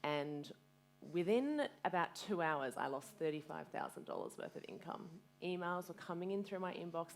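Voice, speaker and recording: Frank, animated woman. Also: low voice, moderate pace, vocal fry, a little hiss or hum. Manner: frank and animated, swears freely, quotes herself. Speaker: guest speaker, fitness business owner. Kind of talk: candid storytelling at a live community event.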